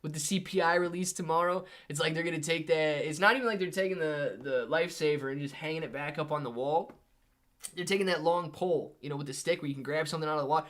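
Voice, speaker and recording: A man's voice: on the high side, fast talker. A man hosting a live stream, reading viewer messages aloud in casual, slangy chat. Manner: animated, slangy, says "man" and "dude" often. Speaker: livestream host reading chat.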